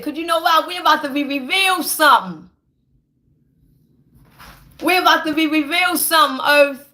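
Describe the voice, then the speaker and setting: A woman's voice: high voice, pushed and bright. A woman in an impassioned, profane rant, heated and preachy, stammering when she gets worked up. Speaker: vlogger.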